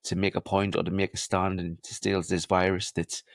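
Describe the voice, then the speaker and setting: A man's voice: low-pitched, little pitch movement, normal speed, vocal fry, no room sound, studio quality. A man co-hosting a podcast, telling movie stories with sweary enthusiasm in casual chat. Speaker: podcast co-host.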